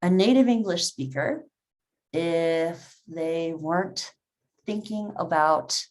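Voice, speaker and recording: A woman's voice: lowish voice, slow pace. A woman teaching a live online English class, reading out learners' comments and encouraging them. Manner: encouraging, reads chat comments aloud.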